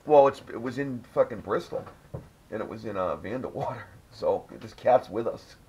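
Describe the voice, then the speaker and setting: A man's voice: fairly low pitch, expressive, normal speed, a little mellow, breathy edge. A man hosting a casual podcast, telling a rambling, profanity-laced story. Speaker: podcast host. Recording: dull lo-fi audio with faint noise.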